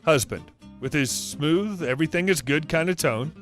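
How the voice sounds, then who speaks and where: A man's voice: fairly high pitch, normal speed. A man reading online stories aloud, with chatty asides between them. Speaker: story narrator. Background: soft guitar music.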